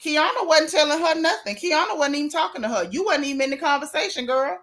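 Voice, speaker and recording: Sassy high-voiced woman dishing gossip. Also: quick pace. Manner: sassy, animated, talks straight at the people she mocks. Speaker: gossip vlogger. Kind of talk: casual commentary to viewers.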